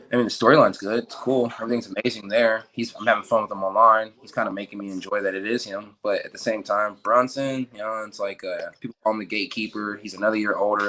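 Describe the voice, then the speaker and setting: A young male fighter answers interview questions in a relaxed, joking way, leaning on plenty of fillers. His voice sits a little low. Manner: laid-back, joking, filler-heavy. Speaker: professional fighter.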